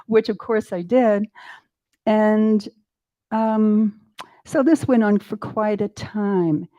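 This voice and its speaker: A woman in her eighties, a guest in a live interview, telling a personal story in an animated way and acting out her own thoughts. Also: mid-range voice. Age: 80s.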